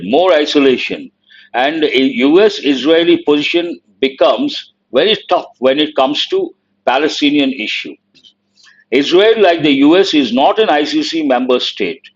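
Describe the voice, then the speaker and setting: A man's voice: on the high side, breathy edge, lo-fi sound. A man teaching an online exam-prep class. He explains an editorial line by line, stops to give word meanings, and puts questions to the students.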